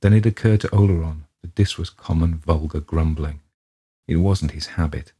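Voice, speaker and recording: A man narrates an old story in a measured, deliberate voice. His tone is deep and dark, with a husky grain throughout. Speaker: audiobook reader.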